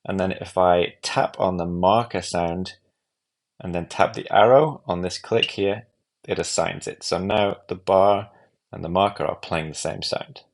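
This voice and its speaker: A man with a deep voice and a gravelly edge talks through an app tutorial. He explains one step at a time, calm and methodical. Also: a little slow, slight background noise. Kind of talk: screen-recorded software walkthrough.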